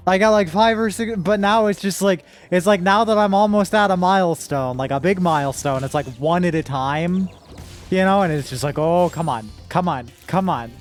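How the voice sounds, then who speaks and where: A woman's voice: fairly low pitch, moderate pace, faint music behind. A woman streamer chatting casually with her viewers while gaming, rambling and emotional, with sudden frustrated outbursts.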